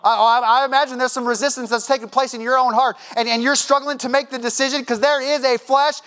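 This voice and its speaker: A man's voice: very high voice, level tone, fast, fairly bright tone, clean tone. A man preaching a sermon in a church, impassioned and conversational, acting out quoted voices and repeating himself as he presses his point. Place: church sanctuary.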